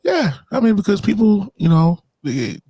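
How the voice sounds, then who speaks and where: A man's voice: high voice, big pitch swings, normal speed, dark tone, husky, dry recording. A man co-hosting a podcast in casual chat, teasing and playful with his co-host.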